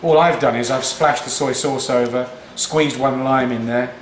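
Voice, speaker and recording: Casting note: chatty home cook, mid-pitched, roomy kitchen, mic a bit distant. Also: male voice, steady tone, moderate pace, a little hiss or hum. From England. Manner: chatty, rambling, with frequent restarts. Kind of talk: casual cooking demonstration. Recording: echoey kitchen, distant mic, frying sizzle.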